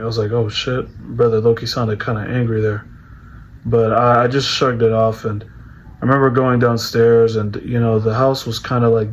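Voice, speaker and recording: A man's voice: mid-range voice, slight background noise, rough recording. A young man casually recounting a personal experience, rambling, restarting and filling with "bro" and "like". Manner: rambling, repeats words, heavy fillers like "bro" and "like". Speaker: vlogger.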